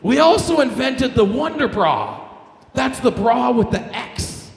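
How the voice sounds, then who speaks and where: A Canadian man doing a crude, loud stand-up set, his voice a bit hoarse. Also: very high voice, sing-song, unhurried. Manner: brash, crude, loud punchlines. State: slightly hoarse. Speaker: stand-up comedian. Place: comedy stage in a club. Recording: echoey club room with long reverb.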